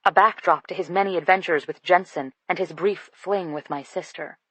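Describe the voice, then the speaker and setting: A woman reading a first-person romance audiobook in an expressive, lightly comic manner. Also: fairly low pitch, moderate pace, husky, dry recording, poor audio. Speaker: audiobook narrator. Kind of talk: first-person scripted narration.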